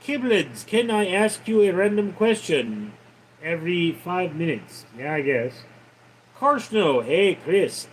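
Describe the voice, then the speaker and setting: Man, livestream host, reading chat, sarcastic, deadpan, high voice, slow-talking. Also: a little hiss or hum, rough recording. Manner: sarcastic, deadpan replies to viewers.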